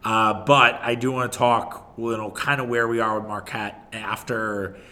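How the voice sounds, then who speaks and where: Bright-voiced man ranting about football. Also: fairly low pitch, flat delivery, a little slow. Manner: rambling, opinionated, frequent restarts and swearing. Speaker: sports podcast host. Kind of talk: casual solo sports talk.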